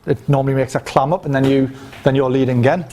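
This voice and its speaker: Fast and steady, his medium-pitched voice has a dark tone over a little hiss or hum. The man coaches a live audience on dating in a loose, chatty, profane seminar, full of "right?" tags and physical demonstrations.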